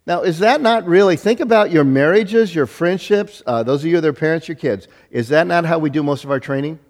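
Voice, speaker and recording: A middle-aged male pastor preaching a sermon, telling self-deprecating stories in an animated way with frequent restarts. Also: high-pitched, normal speed, few pauses. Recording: long reverb of a hall.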